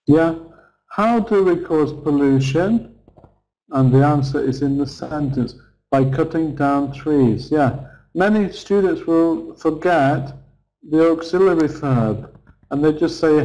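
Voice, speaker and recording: A man leads an online lesson at an unhurried pace. His voice sits fairly high but sounds mellow and soft-edged. He repeats key phrases patiently for his students. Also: rough recording. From England. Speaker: English teacher.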